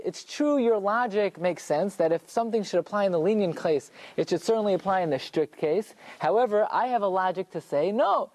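Animated man teaching a Torah class. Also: high voice. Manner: explains through rhetorical questions and answers them himself.

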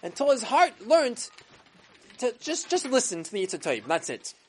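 A woman's voice: a little high, big pitch swings, moderate pace, darkish tone, a little hiss or hum. A woman telling a story to children, dramatic and full of acted voices. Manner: dramatic, with sound effects and voices. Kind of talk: animated storytelling.

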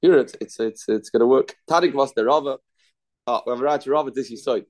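A man teaches a Talmud class at a middle pitch. He circles back over each phrase, repeating words as he reasons his way through the passage aloud. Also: fast talker, darkish tone. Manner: repetitive, thinking aloud, mixing Aramaic terms into English. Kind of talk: Talmud study lesson.

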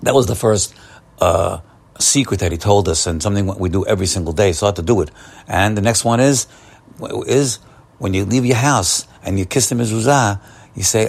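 A man's voice: lowish voice, a little fast, gravelly. A man giving an upbeat, encouraging morning Torah talk, often repeating and restarting his phrases. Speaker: Torah teacher.

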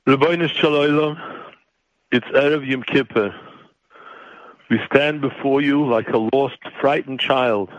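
A man's voice: fairly high pitch, no echo, highs cut off. A man who is a rabbi, delivering an emotional sermon in a pleading, impassioned way that rises to near cries.

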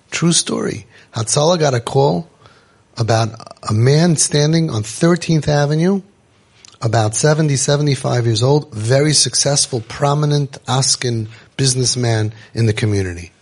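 A man with a gravelly voice tells stories to parents on his podcast. He sounds a bit husky and talks with animation, acting out the voices he quotes. He mixes Yiddish and Hebrew words into his talk. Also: mid-range voice, animated, normal speed. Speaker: parenting coach and podcast host.

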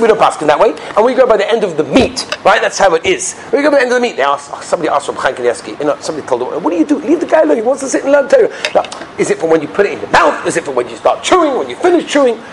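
Animated man teaching fast. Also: high voice, slight background noise. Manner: lively storytelling, rhetorical questions, mixes Yiddish and Hebrew terms. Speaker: rabbi teaching Jewish law. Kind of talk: animated lecture with anecdotes.

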